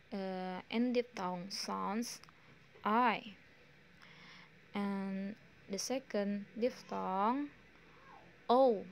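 Slow, halting Indonesian-accented woman. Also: mid-range voice, slight background noise. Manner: slow, halting delivery with many pauses and fillers. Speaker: student. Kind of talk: recorded pronunciation exam answers.

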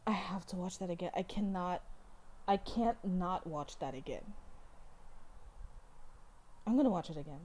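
A young woman doing a casual reaction video, an emotional fan who shrieks and swears when excited, on a built-in computer mic without her usual microphone. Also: lowish voice, normal speed, pauses often. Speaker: vlogger reacting to a music video. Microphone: built-in computer mic, no external microphone.

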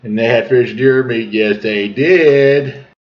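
Taking it slowly in a mid-range voice, a storyteller in his 40s from southern Missouri works through a folksy tall tale, rambling and chuckling over his tangents. The audio is a dull lo-fi recording.

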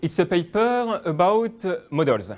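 A man's voice: high-pitched, very animated, measured pace. A young man from France with a French accent, giving a hesitant academic talk with many fillers and restarts. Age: young adult. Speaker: guest lecturer.

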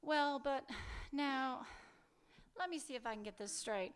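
A biting, sarcastic wife with a high, sharp voice, as a male author reads her lines. She presses hard and mocks, cutting through every dodge in this dialogue from a literary reading. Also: unhurried, clear, resonant tone. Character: sharp-tongued woman, wife, bitter and sarcastic. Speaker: fiction author reading aloud.

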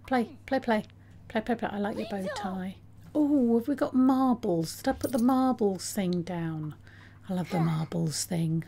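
A woman's voice: a little high, warm tone. A woman giving casual, chatty commentary on her game, talking to her characters and laughing often. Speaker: let's play host.

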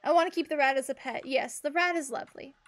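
A woman's voice: high voice, quick pace, a bit bright. A young adult woman streaming a game, chatting bubbly with her viewers as she plays. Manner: chatty, bubbly, talks to chat while playing. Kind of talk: casual game commentary. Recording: faint game music behind.

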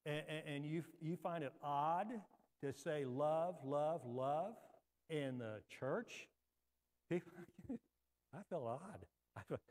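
A man's voice: on the high side, slow pace, pauses often. Man preaching in a reverberant church. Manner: swings from loud emphatic preaching to hushed quiet talk. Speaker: pastor. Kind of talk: sermon. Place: church sanctuary.

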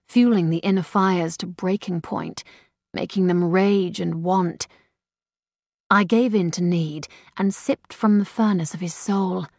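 Woman audiobook narrator, low voice, dry close sound, unhurried sensual delivery. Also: creaky, darkish tone, no echo. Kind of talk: first-person romance audiobook narration.

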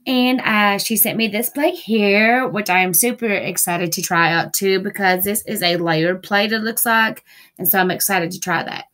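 A woman's voice: mid-range voice, fairly even intonation, moderate pace, a bit bright. A woman vlogging a nail-product haul from home, gushing and repeating herself with casual fillers. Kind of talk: casual haul video chat. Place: busy home with TVs and dogs.

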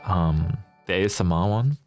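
A man's voice: deep voice, moderate pace, a little mellow, faint music behind. A young man live-streaming a game, chatting casually and animatedly with his viewers and laughing often.

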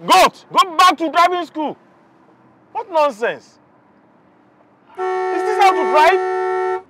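An actor playing a hot-tempered young man who shouts at other drivers and then turns gentle with his girlfriend. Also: mid-range voice, wildly swooping pitch, a little slow, slightly rough, dry recording, heavily acted. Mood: insulting. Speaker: boyfriend driving his girlfriend home. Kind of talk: film drama acting.

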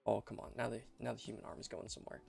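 Gravelly young man narrating gameplay. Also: fairly low pitch, steady tone, racing, a little mellow, soft background music. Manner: rambling and chatty, repeats and restarts phrases. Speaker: game commentator. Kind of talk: casual let's-play commentary.

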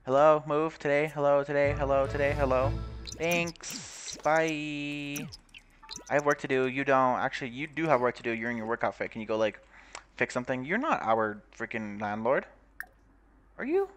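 A man's voice: mid-range voice, lively intonation, moderate pace, a bit bright, faint music behind. A young man giving casual, crude commentary while playing a game, swearing, laughing and reading game text aloud. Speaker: gaming YouTuber.

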